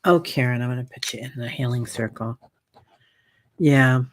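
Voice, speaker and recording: A woman hosting a meditation group livestream, chatting gently and reading viewer comments aloud with many soft fillers. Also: very deep voice, normal speed, no echo.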